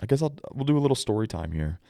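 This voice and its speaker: A man's voice: medium pitch, big pitch swings, rapid-fire, vocal fry, warm tone, dry recording, studio quality. A man hosting his own podcast, telling stories and giving earnest, emphatic advice in a conversational way. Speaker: podcast host. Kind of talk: solo podcast monologue.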